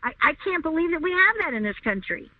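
A woman's voice: big pitch swings, fast talker, no echo. Woman telling her story over a tinny phone line. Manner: emphatic, repeats herself, rising pitch when upset. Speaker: interview guest. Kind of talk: recounting a personal story.

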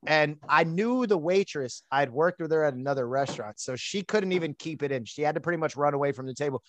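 An outgoing man chats through a long personal story on his podcast, full of fillers and asides. His voice sits a little high, and the sound is close and dry. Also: fast talker, fairly bright tone, dry recording. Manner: outgoing, chatty, lots of fillers. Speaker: podcast host. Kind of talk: casual storytelling chat.

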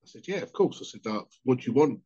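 A man's voice: medium pitch, expressive, fast, mellow. A man telling sweary, jokey anecdotes in a casual chat. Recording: dull lo-fi sound.

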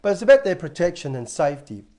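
A man's voice: fairly high pitch, big pitch swings, fast talker, mellow. A man, a pastor preaching a sermon in a conversational way with frequent restarts.

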